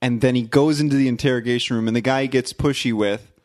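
A man at a middling pitch tells favourite movie scenes with gleeful enthusiasm, swearing and laughing along. He talks casually, the way friends do. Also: steady tone, fast, a little mellow. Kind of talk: casual movie review chat.

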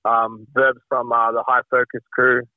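A man's voice: mid-range voice, unhurried. Man on a tinny phone line. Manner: relaxed, many ums, says mate. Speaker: guest rapper. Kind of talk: casual interview.

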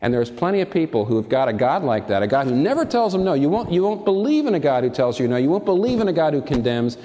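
A man preaching a sermon with passion. He swings between high, emphatic peaks and soft, low asides, and he asks his listeners direct rhetorical questions. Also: very animated, quick pace. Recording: long reverb from a large hall.

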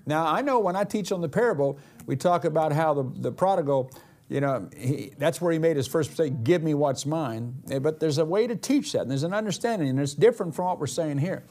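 High, animated preacher man. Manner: dramatic, emphatic preaching with slow drawn-out declarations. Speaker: pastor. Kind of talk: sermon.

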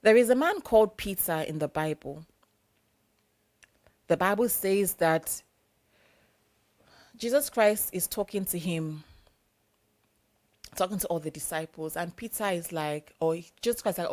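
A woman's voice: lowish voice, animated, measured pace, pauses often, darkish tone. A young adult woman preacher giving a sermon in a conversational, emphatic, repetitive way.

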